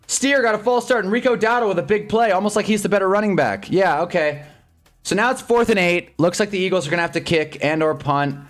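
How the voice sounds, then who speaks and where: A man doing casual live play-by-play while chatting with viewers. His voice sits a touch high, and he jumps between loud excited yelps and low grumbling mutters. Faint music plays behind him. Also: fast. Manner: chats with viewers' comments. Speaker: streamer hosting a live game watch-along. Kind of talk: casual live sports commentary.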